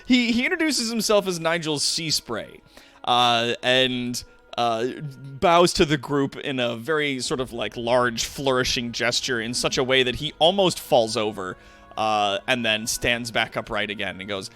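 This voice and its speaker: A man runs a tabletop role-playing game, describing scenes in a relaxed way. His voice rises and falls a lot as he narrates. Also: medium pitch, normal speed, faint music behind. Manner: relaxed, with frequent fillers. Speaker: game master.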